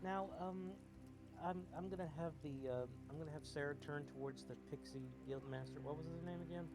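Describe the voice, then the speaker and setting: A man's voice: on the high side, fairly quick, music in the background. Hesitant male tabletop player. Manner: hesitant, lots of ums. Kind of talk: casual tabletop play.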